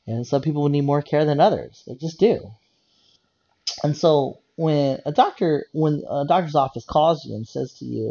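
A man's voice: mid-range voice, measured pace, dark tone, no room sound, muffled recording. A man talking in a rambling, blunt casual rant about working in a medical office, swearing and repeating himself.

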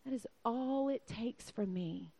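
A woman voicing God, slow and hushed. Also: on the high side, vocal fry. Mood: hushed calm. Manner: slow, hushed, near-whispered. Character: God speaking, calm, gentle, all-powerful.

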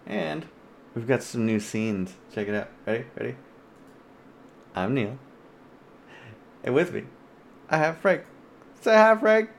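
A man's voice: mid-range voice, animated, unhurried, creaky, pauses often, slight background noise. A man co-hosting a casual podcast over a video call, rambling with many fillers and restarts. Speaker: podcast co-host.

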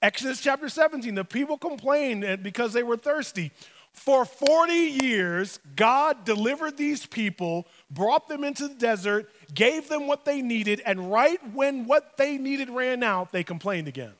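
Animated, funny male preacher, high voice, long hall reverb. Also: a little slow. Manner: animated, humorous storytelling preacher. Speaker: pastor. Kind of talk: sermon.

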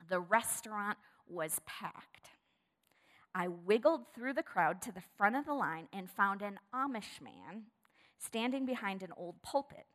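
A woman preaching a sermon, telling a story with animation and then turning hushed and prayerful. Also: lowish voice. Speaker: pastor. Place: church sanctuary. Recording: long reverb of a large hall.

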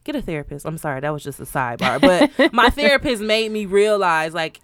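A woman's voice: lowish voice, sing-song, a little fast, fairly bright tone, no echo, clean studio sound. A woman in her twenties co-hosting a podcast, talking candidly and casually, swearing and laughing often. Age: 20s. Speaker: podcast co-host.

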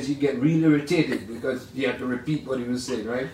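A man's voice: mid-range voice, fast talker. Older man rambling through jazz stories. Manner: rambling, animated anecdotes. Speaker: jazz pianist telling stories. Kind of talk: casual storytelling. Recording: roomy sound from far off.

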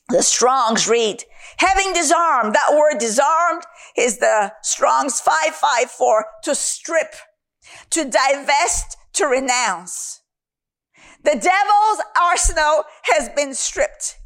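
A woman's voice: high voice, lively intonation, takes it slowly, a bit bright. A woman preaching a Bible teaching sermon, emphatic and repeating phrases for stress.

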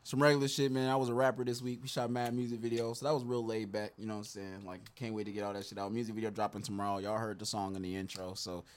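A man co-hosting a casual chat, animated and getting loud when excited. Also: on the low side, quick pace, hardly any pauses. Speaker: podcast co-host.

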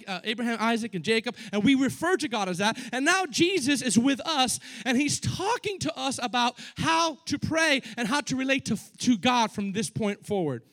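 A middle-aged man preaching a sermon, animated, acting out scripture scenes in casual slang. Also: very high voice. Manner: animated, acts out biblical dialogue in casual slang.

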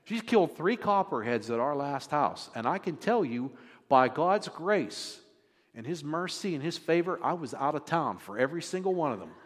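A man's voice: a little high, very animated, moderate pace, big-room sound. A male pastor giving a sermon in a conversational, joking manner. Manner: conversational, jokes with the congregation.

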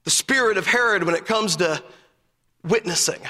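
A man preaching a fervent, story-filled sermon in a strikingly high, piercingly bright voice. Every so often he rises into an emphatic shout, and a long hall reverb trails behind each phrase. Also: normal speed.

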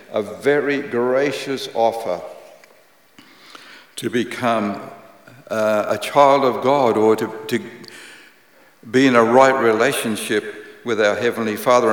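A man preaching a sermon, praying and reading scripture in a measured, earnest way, repeating key phrases. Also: mid-range voice. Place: church hall. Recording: echoey church hall with long reverb.

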